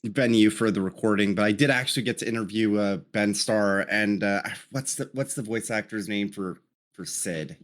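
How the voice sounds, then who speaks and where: Low-voiced man in quick bursts. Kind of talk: casual podcast chat.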